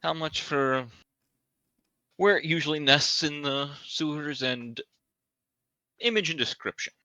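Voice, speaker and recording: A man plays in a tabletop game, speaking plainly as he haggles in character. His voice is bright and forceful, and the dry sound puts him close to the mic. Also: a little high, a little slow, no echo, low-quality recording. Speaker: player.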